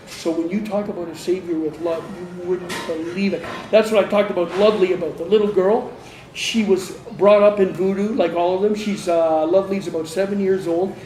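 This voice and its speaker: An earnest male missionary talks with emphasis, doubling his words to drive a point home. His voice is mellow and soft-edged, recorded in an echoey room with a faint hum behind. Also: high-pitched. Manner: earnest, emphatic, repeats himself for stress. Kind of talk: interview.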